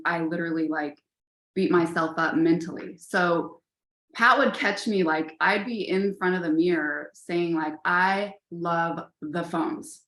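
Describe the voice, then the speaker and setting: A woman's voice: on the low side, a bit bright. Encouraging woman in an echoey room. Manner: encouraging, addresses listeners as "you guys", many fillers. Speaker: sales team leader. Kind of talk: casual motivational talk on a video call.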